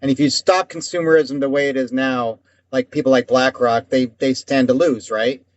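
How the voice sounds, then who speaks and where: A man's voice: mid-range voice, steady tone, moderate pace, no room sound. A man co-hosting a casual talk show, ranting at length and swearing often. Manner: heated, rambling, swears often. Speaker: podcast co-host. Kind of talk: casual conversation. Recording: dull dry lo-fi sound.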